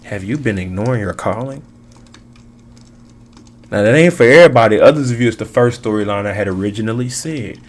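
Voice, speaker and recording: A man's voice: on the low side, brisk, long pauses. Preachy, slangy man reading tarot. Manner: preachy, emphatic, repeats phrases, slangy. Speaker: tarot reader.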